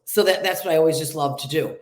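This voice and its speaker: A middle-aged actress with a nasal upstate New York accent, chatting in an interview and acting out little quotes. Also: female voice, sits low, quick pace, a little mellow, roomy sound. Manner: chatty, laughs often, acts out quotes. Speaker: actress guest. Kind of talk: casual interview chat.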